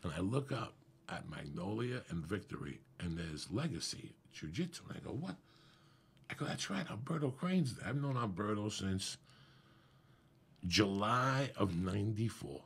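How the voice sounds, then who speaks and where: Gravelly-voiced man telling a profane story. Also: on the low side, normal speed. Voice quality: gravelly, husky. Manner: profane, animated storytelling with acted quotes. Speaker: comedian guest. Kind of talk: casual podcast storytelling.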